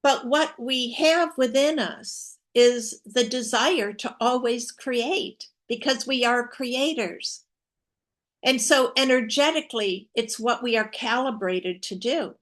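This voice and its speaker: Slow, earnest woman teaching spirituality. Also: a little high, a bit bright. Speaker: co-host. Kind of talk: spiritual live show talk.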